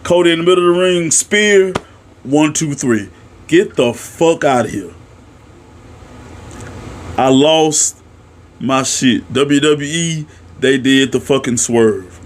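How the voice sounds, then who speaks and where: A young man excitedly recapping a wrestling show in a casual, profane, animated way, jumping to shouts at the big moments. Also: a little high, slight background noise. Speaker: wrestling reaction vlogger.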